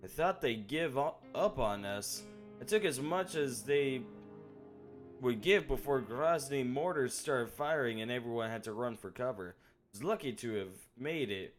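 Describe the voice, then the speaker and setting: A man voicing a kind neighbor who brings food in wartime, reading the lines in an earnest, steady way. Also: mid-range voice, normal speed, soft background music, natural voice.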